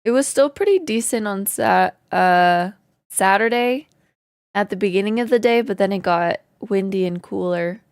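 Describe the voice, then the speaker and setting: A woman chats casually with her stream viewers, greeting each one and laughing often. Her voice sits at an ordinary pitch and runs a little hoarse. The sound is close and dry, with no room around it. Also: moderate pace, no echo. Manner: chatty, laughs often, answers chat. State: slightly hoarse, losing her voice. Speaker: live streamer. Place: home in Canada.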